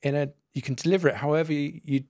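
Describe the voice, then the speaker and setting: A man's voice: on the high side, fairly even intonation, rapid-fire, darkish tone, dry recording, studio quality. A man co-hosting a casual podcast, musing in a playful way. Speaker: podcast co-host.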